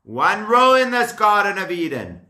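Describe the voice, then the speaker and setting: A man voicing a calm, kindly divine figure who gently lays down a single rule. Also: high-pitched, normal speed, exaggerated voice. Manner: gentle, patient instructing. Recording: echoey room.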